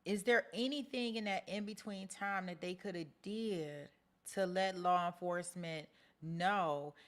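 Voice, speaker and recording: A woman's voice: lowish voice, measured pace. A woman hosting a true-crime commentary show, talking casually with lots of restarts. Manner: casual, chatty, many restarts. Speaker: host.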